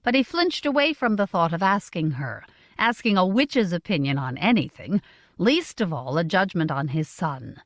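A woman narrating a fantasy novel as an audiobook, in a smooth, expressive storytelling manner. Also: on the low side, moderate pace, no echo, studio quality.

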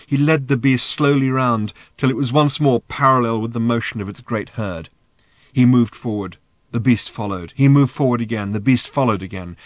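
A man with a medium-pitched voice narrates an audiobook from a script, reading in a measured, expressive way. It's a clean studio recording with no echo.

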